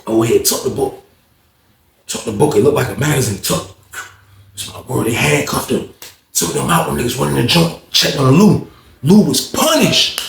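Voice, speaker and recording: A man telling a story in a casual, slangy, animated way. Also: mid-range voice, normal speed, gravelly, long pauses. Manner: animated, slangy, acts out quoted voices. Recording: roomy echo.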